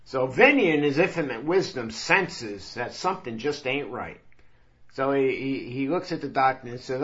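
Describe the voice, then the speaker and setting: A man telling a story in a slow, easygoing yarn-spinning way. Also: medium pitch, a bit bright, lo-fi sound.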